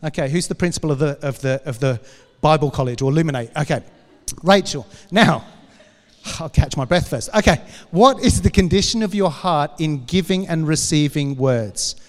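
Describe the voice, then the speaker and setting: Casting: higher-voiced man, church class teacher, playful and chatty, big hall reverb. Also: moderate pace. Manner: playful, joking, chatty with audience.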